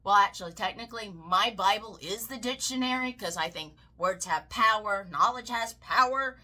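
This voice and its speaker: A woman's voice: medium pitch, moderate pace, sharp tone. A Southern woman giving heated, profane political commentary, swinging into mocking shrieks. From American South.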